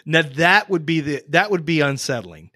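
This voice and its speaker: Podcast host dude, kinda high voice, bouncy, teasing and rambling, dry sound. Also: male voice, lively intonation, moderate pace, pushed and bright, no room sound. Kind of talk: casual chat.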